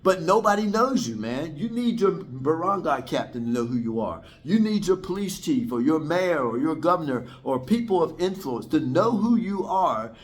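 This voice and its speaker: A man talking casually to his vlog viewers from his apartment, in a voice a touch higher than most men's. He rambles, circles back to repeat himself and keeps addressing the audience as guys. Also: very animated, moderate pace, few pauses. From United States. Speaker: vlogger. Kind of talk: casual talk to camera. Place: indoors, apartment on a third floor.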